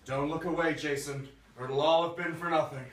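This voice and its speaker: A man's voice: on the high side, fairly even intonation, fairly quick, a bit bright, natural voice. A man playing an exasperated young friend who swears a lot in a stage comedy sketch. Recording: echoey stage from far off with faint noise.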